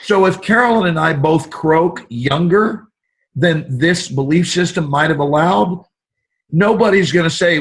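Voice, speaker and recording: Husky man, expansive storyteller. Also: fairly high pitch, unhurried. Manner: expansive, animated, acts out quoted voices. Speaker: guest actor. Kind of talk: motivational storytelling.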